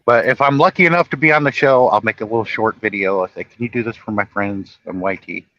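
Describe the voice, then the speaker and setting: A man chatting casually on a live stream, retelling movie scenes with lively laughter. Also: on the low side, fast, lo-fi sound. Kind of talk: casual chat, storytelling.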